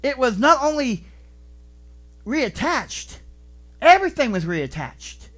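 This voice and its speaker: A male pastor delivers a sermon in a church with a lively, swooping voice. He tells stories animatedly, jumping into voices and bursts of emphasis. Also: very high-pitched, takes it slowly. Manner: animated storytelling, acting out voices. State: vertigo, deaf in left ear.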